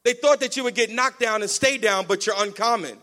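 Guy preaching in a church, really high voice, big echoey sanctuary, calls on folks to say it back. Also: fairly quick. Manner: energetic call-and-response preaching. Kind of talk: sermon. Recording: long hall reverb.

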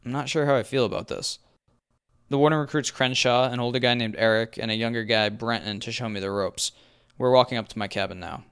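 A young man narrating a first-person story in a wry, even manner. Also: mid-range voice, brisk, clean tone.

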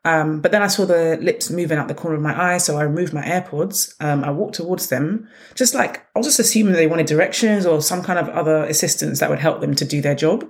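A woman hosting her own podcast, telling stories in a blunt, sarcastic, animated way. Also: deep voice, fast talker, hardly any pauses. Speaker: podcast host. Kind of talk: casual solo podcast monologue.

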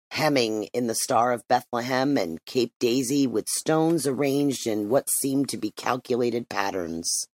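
An audiobook narrator in scripted storybook style, reading with wide, lively swings in pitch. The voice sits in a mid register. It is recorded close to the mic with no room sound. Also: no echo.

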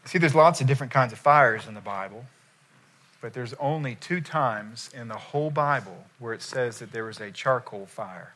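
Male preacher, bright forward voice, acts out scenes as he tells them. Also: medium pitch, normal speed. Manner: animated storytelling, acting out quoted voices. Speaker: pastor. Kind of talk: sermon.

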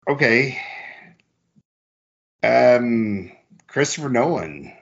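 A man guessing in a casual quiz, hesitant and thinking aloud with many pauses. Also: medium pitch, expressive, gravelly, dull audio. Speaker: quiz contestant.

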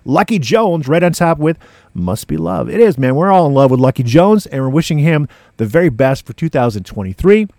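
A man's voice: on the high side, big pitch swings, brisk, gravelly, darkish tone, no echo, clean studio sound. A man hosting a music show as DJ, chatting casually between records in laid-back hipster slang. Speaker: radio DJ and podcast host.

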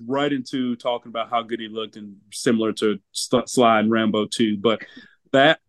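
A man's voice: fairly low pitch, fairly even intonation, moderate pace, no room sound. A man co-hosting a casual movie review chat, rambling a bit, repeating words and laughing as he talks.

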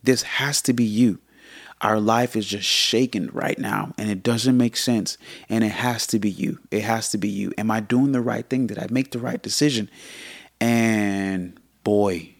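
A man in his thirties co-hosting a casual faith podcast, earnest and animated as he tells stories. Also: on the low side, measured pace, creaky, no echo, studio quality. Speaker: podcast co-host.

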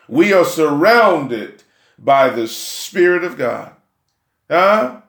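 A man preaching a sermon, emphatic and rousing, often asking "Huh?" and rising to shouts. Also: a little high, reverberant.

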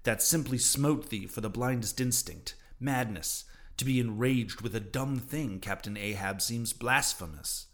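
A man's voice: medium pitch, unhurried, few pauses, fairly bright tone. A man voicing a cautious, level-headed male first mate who speaks earnestly. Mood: reproachful.

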